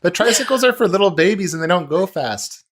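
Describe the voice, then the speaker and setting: A man's voice: high-pitched, expressive, fairly quick, fairly bright tone, breathy edge. A man chatting casually on a podcast as a guest, playful and teasing. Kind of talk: casual chat.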